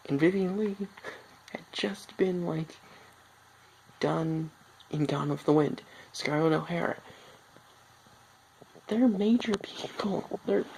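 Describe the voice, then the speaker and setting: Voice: medium pitch, gravelly, a little mellow, slight background noise, poor audio. A film reviewer talking casually, rambling off on tangents with many filler words.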